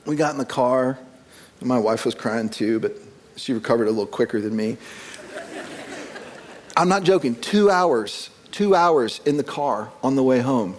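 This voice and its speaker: Addressing the congregation in a church sanctuary, a forty-something pastor preaches a conversational sermon in an expressive, mid-range voice that's a little mellow, at normal speed. He chuckles self-deprecatingly through his stories and frequently repeats words at the start of phrases.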